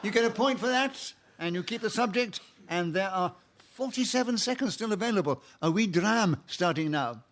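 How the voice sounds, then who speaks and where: A man's voice: high-pitched, expressive, moderate pace, fairly bright tone. A man chairing a radio comedy panel game, genial and sometimes stumbling over his words. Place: radio studio with a live audience.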